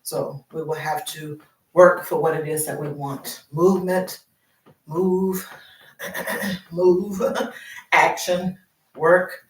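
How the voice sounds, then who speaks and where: A woman's voice: deep voice, steady tone, slow pace, pauses often, roomy sound, far from the mic, slight background noise, poor audio. A middle-aged woman chatting live while walking, out of breath, upbeat and encouraging, and she repeats her phrases. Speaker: vlogger.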